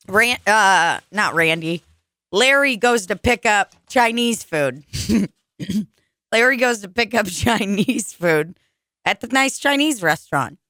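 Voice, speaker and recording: A woman's voice: medium pitch, lively intonation, takes it slowly, sharp tone, no room sound, clean studio sound. A young woman hosting a podcast, chatting casually, swearing often and laughing as she rambles through stories. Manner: profane, laughing, rambling storyteller. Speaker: podcast host.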